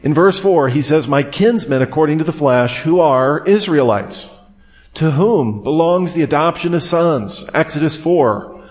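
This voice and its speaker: A man's voice: a little high, lively intonation, unhurried. A man preaching an expository sermon, emphatic and full of questions as he explains a passage. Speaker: preacher teaching on Romans. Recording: long reverb of a hall.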